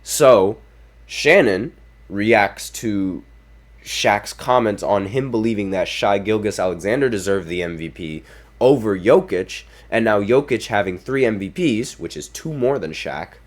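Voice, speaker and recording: A man with a deep, low voice hosts a basketball podcast. He gives opinionated, casual commentary and reads quotes aloud, adding apologetic asides. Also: lively intonation, unhurried. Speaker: podcast host.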